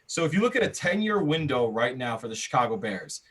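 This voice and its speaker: An American man and podcast co-host in a casual sports debate, talking in an animated, argumentative way with many restarts. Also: mid-range voice, a little fast, husky.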